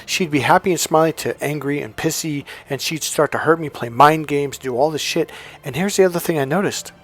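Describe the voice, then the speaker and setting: A man coaching on self-help, telling a personal story in a casual, animated monologue, often restarting his sentences. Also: a little high, a little fast, soft background music. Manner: animated storytelling, breaks into loud acted-out dialogue; frequent restarts and stumbles.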